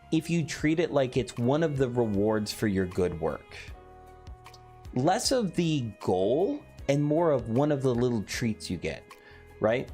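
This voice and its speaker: A man's voice: medium pitch, a little mellow. A man casually chatting on a late-night stream, reading chat aloud and swearing offhandedly. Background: faint background music.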